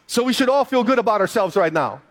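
A man's voice: high-pitched, sing-song, fast. A man preaching a sermon as pastor, reading scripture aloud and then driving points home with emphatic repetition.

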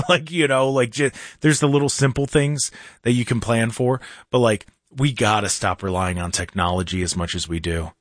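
A man's voice: mid-range voice, normal speed, no echo, studio quality. A man hosting a casual talk show, chatting in a rambling way with many restarts and fillers. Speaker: show host. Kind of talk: casual live-stream show chat.

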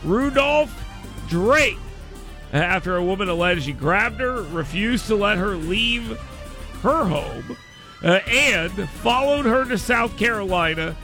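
A high-voiced man hosts a talk radio show, delivering a sarcastic, mocking monologue that swings from mutters to loud outbursts.

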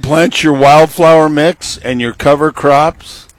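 A middle-aged man hosting a radio gardening show, giving slow, folksy, instructive advice. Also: fairly high pitch, steady tone, no echo.

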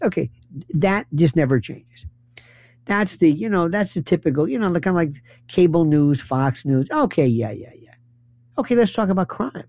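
A man's voice: a little high, very animated, normal speed, dark tone, no room sound. A man delivering a rambling, sarcastic political commentary monologue and running through long lists of issues. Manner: rambling, sarcastic, list-driven.

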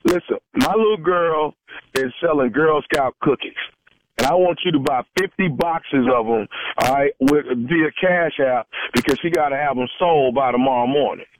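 A man's voice: on the high side, moderate pace, background noise. A man making a prank phone call, pushy and stifling laughs as he talks. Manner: pushy, laughs under his breath. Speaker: prank caller.

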